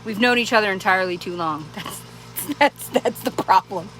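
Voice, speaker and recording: A woman vlogger in a small Arizona town chats casually to the camera, rambling, laughing often, and restarting frequently. Her medium-pitched voice moves at normal speed, and background noise is clearly audible.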